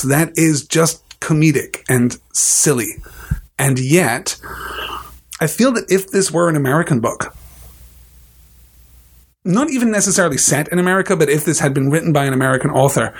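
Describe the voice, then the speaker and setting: A man hosting a book discussion, giving measured, thoughtful literary commentary with frequent restarts. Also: on the high side, breathy edge.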